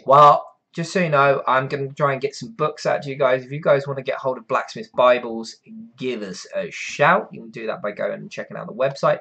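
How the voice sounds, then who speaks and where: A man's voice: medium pitch, fairly bright tone. Chatty man on a live stream. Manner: rambling, chatty, reads out viewer names and answers questions. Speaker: blacksmith streamer answering live chat. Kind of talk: casual live-stream chat.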